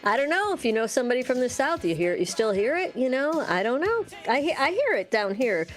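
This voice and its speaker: A woman's voice: high-pitched, very animated, a little fast, faint music behind. A woman co-hosting a local radio show, chatting casually and reading news excerpts aloud with lots of fillers. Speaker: radio co-host. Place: radio studio.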